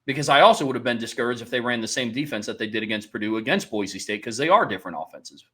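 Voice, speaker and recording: A man's voice: mid-range voice, animated, fast, a bit bright, breathy edge. A man co-hosting a sports podcast, thinking aloud and weighing both sides in casual talk. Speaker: podcast co-host.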